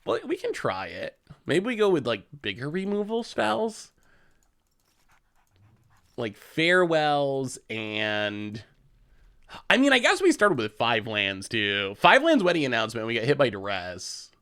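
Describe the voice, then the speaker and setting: A man's voice: mid-range voice, wildly swooping pitch, measured pace, bright, forceful tone. A man hosting a show, giving casual commentary on a card game as he plays, chatty and laughing often. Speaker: host.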